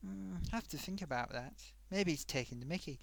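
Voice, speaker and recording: A man's voice: fairly high pitch, lively intonation, brisk, creaky, no room sound. A man hosting a casual live stream, reading out forum comments with a chatty, self-amused manner.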